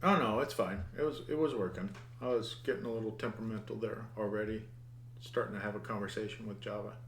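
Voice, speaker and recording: A man's voice: fairly low pitch, fast, slight background noise. Guy walking thru code, mutters at it, restarts words a lot, echoey room. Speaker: programming instructor. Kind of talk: screen-recorded coding lesson.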